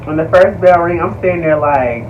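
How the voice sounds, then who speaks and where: A young man telling a story to viewers in a casual vlog, animated, slangy and profane, calling his audience y'all. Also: a little high, a little fast, distant mic, narrow, tinny audio, slight background noise. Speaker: vlogger.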